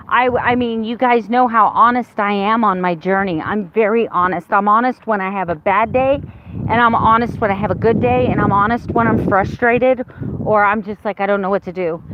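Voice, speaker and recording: Talking casually to the camera, this vlogger in her fifties rambles candidly and keeps starting over. Her voice is a little high, the recording's highs are cut off, and there's slight noise behind her.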